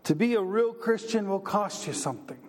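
Animated and brisk, a male pastor delivers his sermon in a notably high voice, building through repetition as his pitch and force climb with each point. The sound carries a long reverb, like a big church hall.

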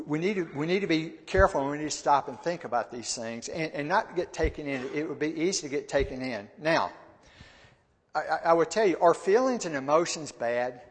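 A man's voice: a little high, expressive, moderate pace. A man giving a conversational Bible teaching. He often repeats words and asks his listeners questions. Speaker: church teacher. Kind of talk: sermon-style Bible teaching. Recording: long hall reverb.

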